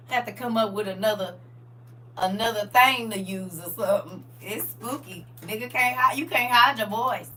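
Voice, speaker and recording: Raspy lady running a chatty bible study stream, bright forceful voice, kinda high, laughs a lot. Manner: chatty, laughs often, talks to listeners directly. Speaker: online scripture study host.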